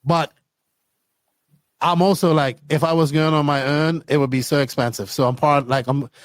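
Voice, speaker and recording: A man hosting a podcast in casual, rambling talk, often excited. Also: on the high side, normal speed, no echo. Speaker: podcast host.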